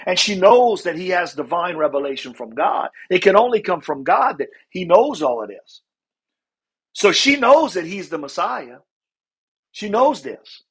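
A man teaching a Bible lesson. He reads scripture slowly, then explains it conversationally and often asks "right?" to check in with listeners. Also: high voice, sing-song, breathy edge.

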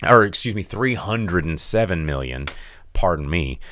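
A man co-hosting a casual live-streamed show, reading viewer chat and breaking into silly high cartoon voices. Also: animated, normal speed, fairly bright tone, slight background noise. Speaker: podcast co-host reading Twitch chat.

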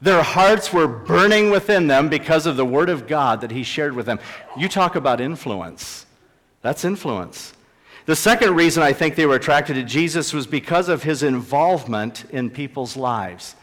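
A man preaching in a church sanctuary, with a voice pitched a little above the usual male range. He speaks emphatically and leans on repetition to drive home each point. The sound rings with long reverb from the large hall. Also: lively intonation, moderate pace, fairly bright tone. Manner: emphatic, repeats key phrases for stress. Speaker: pastor. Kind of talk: sermon.

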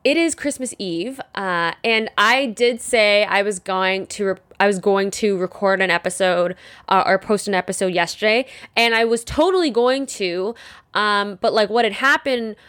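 A woman's voice: medium pitch, moderate pace, fairly bright tone. A young woman hosting her own podcast, chatting casually and rambling with frequent fillers. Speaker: podcast host. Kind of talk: casual solo podcast chat.

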